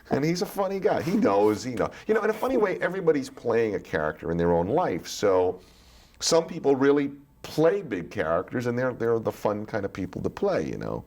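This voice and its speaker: A man being interviewed as a guest actor, telling stories in a casual, animated way and slipping into other voices. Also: mid-range voice, a little fast, a little hiss or hum. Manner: animated storytelling, slips into voices.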